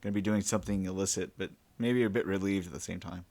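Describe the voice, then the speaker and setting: A man's voice: sits low, fairly even intonation, fast talker, vocal fry, a little mellow. A man running a tabletop game as game master, talking casually and swearing freely.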